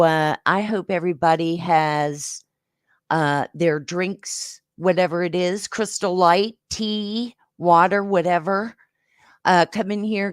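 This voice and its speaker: A woman hosting a livestream game show, chatting casually with viewers and giving rambling, affectionate shout-outs with lots of fillers. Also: mid-range voice, smooth, no echo, clean studio sound.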